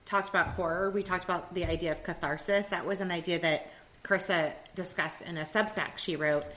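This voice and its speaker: A woman hosting a casual podcast with a sharp, bright tone that sits a little low in pitch. She asks questions and drops into lively anecdotes. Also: fairly quick, slight background noise. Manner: questioning, animated storyteller. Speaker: podcast host. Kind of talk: casual chat, leading discussion.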